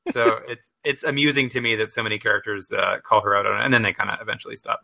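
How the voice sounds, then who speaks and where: Bright-voiced guy reviewing a game. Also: on the low side, fast talker, gravelly, lo-fi sound. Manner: opinionated, animated storytelling. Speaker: podcast co-host. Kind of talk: casual gaming chat.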